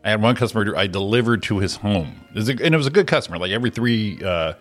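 Male co-host, low voice, casual storyteller, light music bed. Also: animated, fast, a bit bright. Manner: storytelling, acts out quotes. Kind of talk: casual chat.

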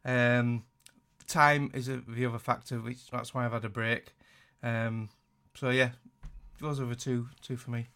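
A man with a bright, forward Yorkshire accent, talking casually as a podcast co-host. He tends to run himself down and lets his sentences drop off quietly at the end. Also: medium pitch, little pitch movement, a little slow, smooth. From Yorkshire, England. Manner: self-deprecating, trails off quietly. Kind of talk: casual chat.

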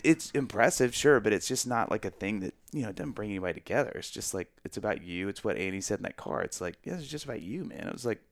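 Man in his forties, lowish voice, dry close sound, lively self-mocking storyteller. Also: creaky, no echo. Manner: animated storyteller, self-mocking, many restarts and asides. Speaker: guest. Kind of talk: casual storytelling chat.

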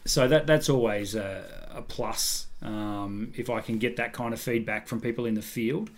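Aussie guy, mid pitched voice, casual podcast chat, heaps of ums. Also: fairly even intonation, moderate pace. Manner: easygoing, hesitant with fillers. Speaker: podcast co-host, camera shop owner.

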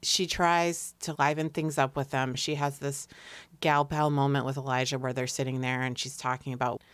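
A woman co-hosting a casual TV recap chat, retelling scenes in a chatty, animated way. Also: rumbling low, normal speed, smooth, no echo.

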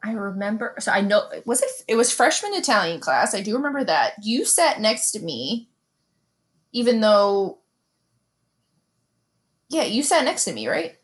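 A woman's voice: medium pitch, big pitch swings, moderate pace, pauses often. A young woman in casual chat on a podcast, rambling, questioning her own words, and swearing casually. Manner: chatty, swearing, self-questioning.

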